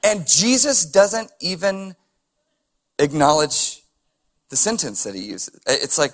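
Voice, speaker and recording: A man's voice: fairly high pitch, expressive, takes it slowly, pauses often. A man preaching a sermon as a pastor, reading scripture and adding casual chuckling asides and rhetorical questions.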